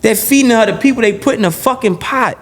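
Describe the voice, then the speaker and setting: A man being interviewed on a podcast, talking in an animated, blunt and profane way, often repeating and restarting his phrases. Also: very high-pitched, fast talker. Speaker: podcast guest.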